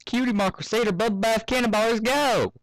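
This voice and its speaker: A man's voice: high-pitched, wildly swooping pitch, moderate pace, clear, resonant tone, no echo, pitched above the performer's own voice, poor audio. A man voicing an earnest, eager little farm filly pony in a fan story reading. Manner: earnest, whiny.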